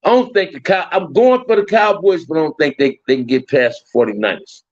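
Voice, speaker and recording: A man's voice: a little high, a little fast, dry recording. A middle-aged man from Compton, hosting a loose, slangy livestream chat and often repeating his phrases. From Compton, Los Angeles. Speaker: livestream host. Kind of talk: casual livestream chat with viewers. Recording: dull, dry lo-fi stream audio.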